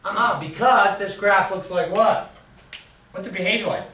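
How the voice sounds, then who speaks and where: A man's voice: high voice, normal speed, pushed and bright. A man teaching a math class in a classroom, quizzing students with fill-in questions. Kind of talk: classroom lecture. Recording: echoey room, far from the mic.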